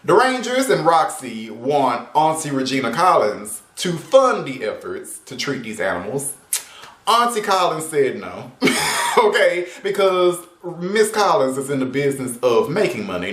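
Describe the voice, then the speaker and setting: A man's voice: mid-range voice, very animated, a little slow, fairly bright tone. A man casually reviewing a TV episode, sarcastic and exasperated. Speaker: TV show reviewer. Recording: roomy echo.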